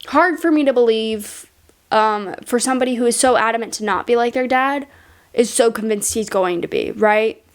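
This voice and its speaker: A woman chatting casually in a show review, frank and exasperated, tossing in quick asides and the odd swear. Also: a little high.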